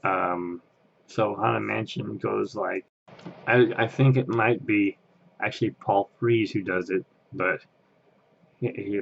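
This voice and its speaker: A man's voice: lowish voice, steady tone, takes it slowly, vocal fry, lo-fi sound. A man chatting casually on camera as an interviewee, rambling and laughing at himself. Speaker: Disney fan interviewee. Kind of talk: casual chat.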